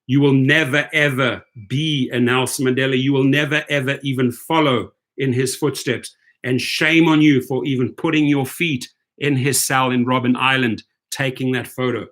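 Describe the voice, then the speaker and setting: A man's voice: mid-range voice, steady tone, normal speed, hardly any pauses, a bit bright. An indignant man delivers a heated commentary rant on his own channel. He circles back over the same phrases and keeps tagging his lines with "right?". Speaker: rideshare video host.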